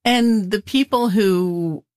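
A woman hosting a talk show interview, calm and measured. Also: medium pitch, no echo, studio quality. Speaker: radio talk show host.

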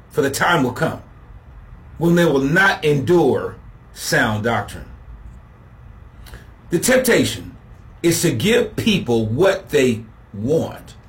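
A man preaching a sermon, slow and emphatic, building to shouted refrains as he contrasts points. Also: on the high side.

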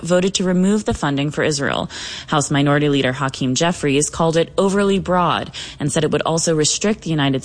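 A woman reporter filing a scripted radio news report in an even, crisp delivery. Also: sits low.

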